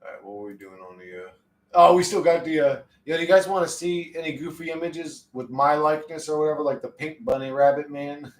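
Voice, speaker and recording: Brief: young male streamer, casual and profane, mid pitch, roomy distant mic. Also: fairly quick. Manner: rambling, profane, laid-back. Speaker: livestreamer. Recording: echoey room, distant mic.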